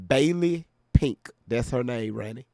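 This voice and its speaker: Slow, gravelly man reacting casually. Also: mid-range voice, dark tone, no room sound. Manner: laid-back, rambling, laughing often. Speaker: reaction video host.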